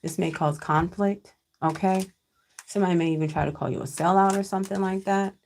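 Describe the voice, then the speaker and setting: Gravelly-voiced woman reading tarot live. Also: fairly low pitch, fairly even intonation, a little fast, darkish tone, a little hiss or hum. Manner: chatty, frequent "okay?" checks with viewers, casual cussing. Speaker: tarot card reader. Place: at home with her child nearby. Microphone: computer.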